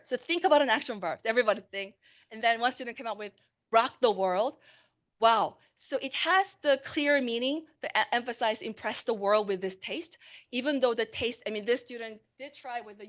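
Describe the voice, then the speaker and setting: A woman, a language instructor giving a conversational conference talk on teaching translation, with fillers and self-corrections. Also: a little high. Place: conference room.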